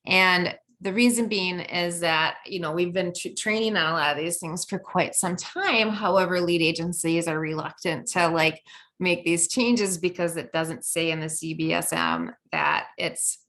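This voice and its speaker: A woman's voice: fairly low pitch, fairly even intonation, moderate pace, fairly bright tone. A middle-aged woman giving a training presentation, conversational with many fillers and restarts.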